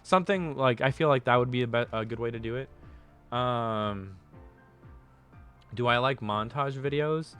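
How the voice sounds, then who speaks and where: A man's voice: medium pitch, steady tone, unhurried, pauses often, a bit bright, clean tone, soft background music. A male streamer chatting casually with his viewers, rambling through restarts and fillers.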